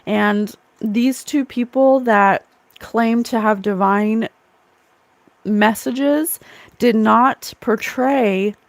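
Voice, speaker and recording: A woman's voice: on the high side, extremely slow, dry recording. A woman hosting a spiritual livestream, talking earnestly to her chat and repeating key phrases for emphasis. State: tearful at times. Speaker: psychic livestream host.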